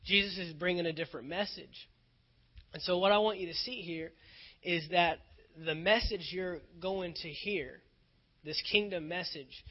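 This is a dull, lo-fi recording of a male pastor's sermon. His voice is high and his speed normal. He sounds earnest and emphatic, leaning on repeated phrases for weight.

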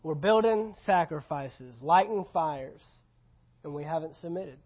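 A man's voice: on the high side, expressive, measured pace. A male pastor preaching a sermon at a church service, conversational and emphatic, repeating key phrases. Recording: slightly dull lo-fi recording.

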